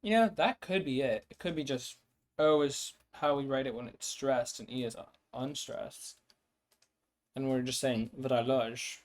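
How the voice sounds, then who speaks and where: A man talks unhurriedly through his language-building work on a stream, pausing often and restarting his sentences. He sounds out invented words again and again as he weighs them. His pitch sits in an ordinary middle range. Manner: hesitant, many fillers and restarts, sounds out words. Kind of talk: thinking aloud while working.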